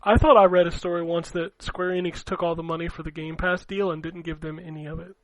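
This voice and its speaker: A man's voice: fairly high pitch, fairly even intonation, fast talker, a bit bright, no room sound, rough recording. A man co-hosting a gaming podcast, rambling and laughing as he swears his way through casual chat. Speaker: podcast co-host.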